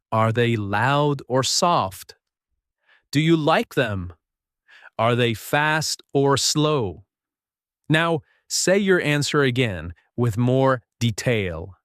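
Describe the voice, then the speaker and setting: A man teaching a beginner English lesson, speaking slowly and patiently and modeling sentences for listeners to repeat. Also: mid-range voice, lively intonation, a bit bright, dry recording, studio quality. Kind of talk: slow, clear spoken English lesson.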